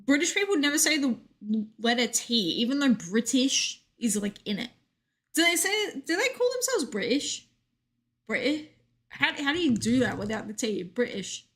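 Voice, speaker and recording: Bright-voiced young woman streamer. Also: sits high, very animated, normal speed. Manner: chatty, reads chat aloud, joking asides. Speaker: game streamer. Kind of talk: casual live-stream chat.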